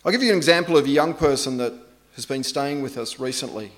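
A middle-aged man preaching a sermon in a relaxed, anecdotal way, poking fun at himself. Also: medium pitch, fast talker. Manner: conversational, anecdotal, self-deprecating.

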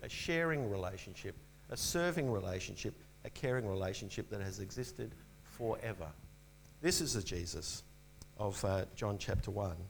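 A man's voice: medium pitch, low-quality recording. Earnest male preacher with faint hum. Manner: earnest, emphatic, repeats key phrases. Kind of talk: sermon.

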